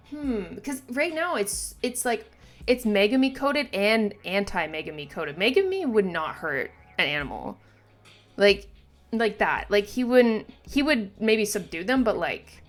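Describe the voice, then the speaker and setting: A woman hosting a manga reaction video, excitable and gushing, swearing freely as she reads along and reacts. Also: medium pitch. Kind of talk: reaction vlog.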